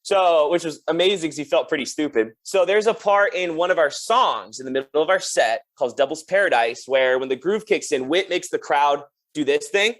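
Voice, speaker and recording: A young man in a casual podcast chat, his voice sitting a little on the high side. He tells stories in a loose, laid-back way, filling them with "like" and breaking into laughter while he mimics the people in them. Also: lively intonation, a little fast, hardly any pauses, a bit bright. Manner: laid-back storyteller, lots of "like" and laughs, acts out quotes. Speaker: podcast guest, drummer.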